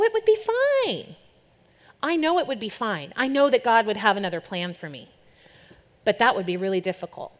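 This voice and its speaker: A young adult woman, a worship leader, giving a candid, informal talk to a church group. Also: medium pitch. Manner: chatty and candid, shifts into playful quoted voices. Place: church or event hall with an audience. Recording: long hall reverb.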